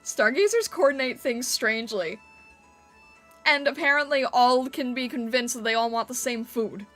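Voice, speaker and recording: A high, bright-voiced woman chatting on a live stream, laughing easily as she reacts to her chat. She talks in a casual, playful way, with soft music running faintly behind her. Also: normal speed.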